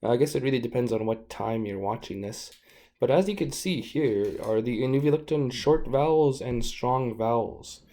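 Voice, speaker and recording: A man teaching the sounds of an Indigenous language in a relaxed, informal lesson. He talks casually, jokes about himself and demonstrates each sound syllable by syllable. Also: mid-range voice, normal speed.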